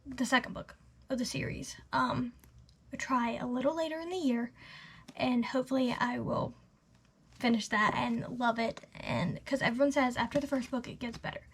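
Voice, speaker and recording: An eighteen-year-old woman giving a casual, gushing book review, chatty and full of "literally" and "like", often trailing off into soft half-whispers. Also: a little high, steady tone, moderate pace, slight background noise. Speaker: book vlogger.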